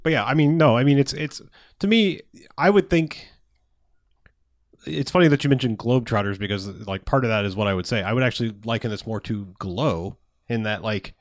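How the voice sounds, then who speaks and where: A man in casual conversation, complaining at length about a movie. He swears often and builds into animated rants. The sound is dry and close. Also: mid-range voice, a little fast, no echo. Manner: profane, ranting, animated. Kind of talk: casual film review chat.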